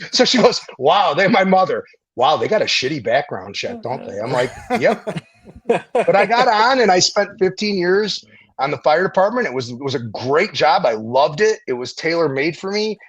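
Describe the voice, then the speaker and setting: A middle-aged man, a veteran and former firefighter, telling stories in a casual interview, animated and profane, acting out the people he quotes. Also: on the high side, moderate pace, poor audio.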